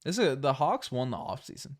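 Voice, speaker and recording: A man from Newfoundland hosting a sports livestream, his voice sitting at an ordinary middle pitch. He rambles loosely and jokes around, saying the same phrase two or three times in a row. The sound is dry and close, with no room echo. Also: big pitch swings, quick pace. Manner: rambling and jokey, repeats phrases. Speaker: basketball channel host. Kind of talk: casual livestream chat.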